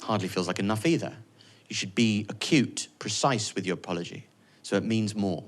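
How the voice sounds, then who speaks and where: A man doing live stand-up on a stage mic, sardonic, swinging from loud mock-boastful ranting to quiet, reflective confession. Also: fairly low pitch, fairly quick. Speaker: stand-up comedian. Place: comedy venue stage with live audience.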